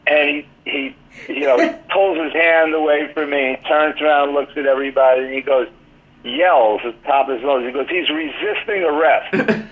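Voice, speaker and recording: Husky older man telling stories over a phone. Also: fairly high pitch, fairly even intonation, brisk. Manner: rambling anecdotal storyteller with many "you know"s. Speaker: interview guest, former team athletic trainer and author. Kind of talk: casual storytelling interview. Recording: tinny phone-line call.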